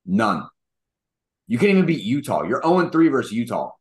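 A young man co-hosting a casual sports podcast, mocking and animated, acting out quotes as he rants. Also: mid-range voice, a little fast. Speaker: podcast co-host.

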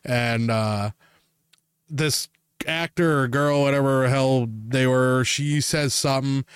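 A podcast host chats casually, telling rambling stories, swearing freely and laughing a lot. His medium-pitched voice is slow, clean in tone and fairly even in intonation, recorded with studio quality and no echo.

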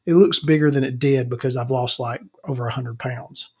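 Gravelly man rambling crude stories. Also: mid-range voice, a little fast, a little mellow. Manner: crude, rambling storytelling that calls himself Victoria; frequent fillers and self-restarts. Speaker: podcast host. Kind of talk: casual comedic monologue.

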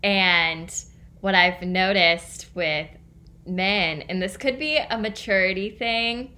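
A woman co-hosts a casual conversation, speaking thoughtfully and hesitantly. She talks slowly, with a bright, clear tone. She often pauses to gather her words. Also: mid-range voice, fairly even intonation.

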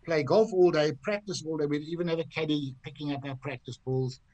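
A man's voice: fairly high pitch, brisk, dry recording, poor audio. An older man from Zimbabwe, a golf commentator guesting on a podcast, telling anecdotes with relish and acting out the voices of people in his stories. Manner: lively raconteur who acts out other people's voices. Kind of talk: anecdotal storytelling.

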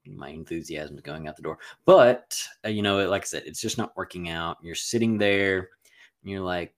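Podcast co-host, man, very low voice, loose rambling storyteller. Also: a little fast. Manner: rambling, filler-heavy storytelling with playful jabs. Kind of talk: casual podcast chat.

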